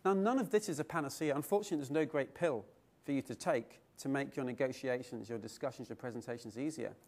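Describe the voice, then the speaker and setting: A man's voice: mid-range voice, fast. A middle-aged man giving a keynote speech at a conference, telling stories and asking his audience rhetorical questions. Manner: lively storytelling with rhetorical questions. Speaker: keynote speaker. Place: conference hall.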